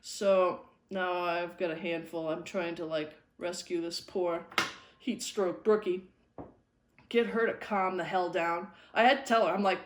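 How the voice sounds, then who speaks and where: A woman's voice: on the low side, fairly even intonation, unhurried. A woman hosting a fly-tying video, telling a fishing-guide story in an easygoing, wry way while she ties. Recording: echoey room with faint noise.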